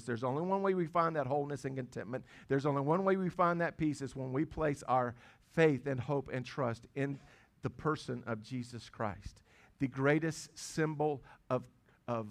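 A middle-aged male pastor preaches in a plain, medium-pitched voice. He talks to the congregation conversationally and stumbles into restarts. He drives his points home by repeating phrases for emphasis. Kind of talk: sermon.

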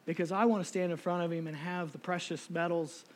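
A middle-aged man preaching a sermon emotionally, moving from soft, near-tearful passages to shouted appeals. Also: a little high, steady tone, fairly quick. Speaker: lay preacher.

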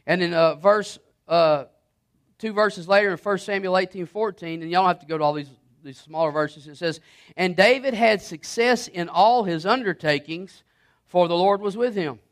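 A man's voice: high voice, normal speed. A man preaching a sermon, reading scripture and retelling Bible stories, often repeating words as he builds momentum. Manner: animated, repeats words and restarts, quotes scripture.

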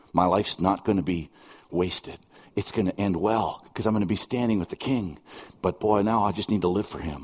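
A man's voice: lowish voice, a little mellow, long reverb tail. A middle-aged man preaching a sermon, earnest and conversational, mixing scripture with personal stories and asides. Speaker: pastor.

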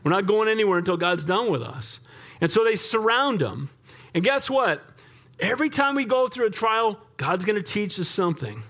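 A male pastor preaching a sermon in a lively, conversational way, often asking the congregation for an amen. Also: sits high, moderate pace.

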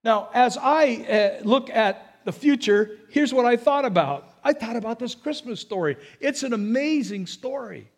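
A man's voice: very high voice, lively intonation, unhurried, hardly any pauses. A male pastor preaching a sermon, asking the congregation rhetorical questions and repeating words as he builds his points.

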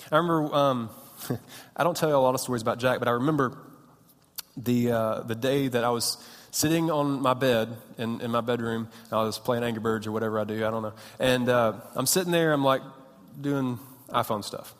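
A man in his thirties preaching a sermon, telling stories in an animated, self-mocking, punchy way. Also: mid-range voice, brisk. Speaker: pastor. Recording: hall with long reverb.

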